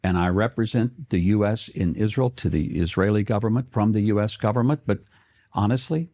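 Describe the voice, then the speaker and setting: A man with a fairly low voice answers an interviewer's questions. He sounds folksy and evasive, deflecting as he goes. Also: fairly quick, mellow. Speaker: interview guest, official.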